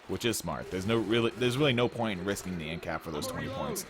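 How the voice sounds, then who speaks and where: A young man with a fairly low voice calls a video game match live, firing off play-by-play at a rapid clip. His mic picks up a clear layer of background noise. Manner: rapid play-by-play, laughs easily. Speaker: esports caster.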